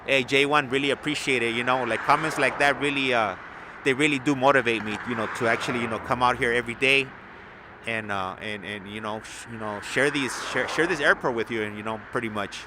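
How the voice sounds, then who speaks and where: A man's voice: medium pitch, brisk. A man, rambling in casual, slangy live-stream chat from outdoors at an airport, on a phone. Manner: laid-back, rambling, slangy. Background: traffic and vehicle noise.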